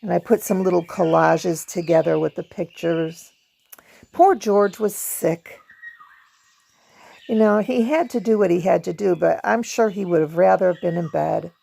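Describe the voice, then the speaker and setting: Chatty woman with a gravelly voice. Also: on the low side, measured pace, warm tone. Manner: chatty, laughs often, hums song snippets. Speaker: video host; performer. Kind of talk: casual book review vlog.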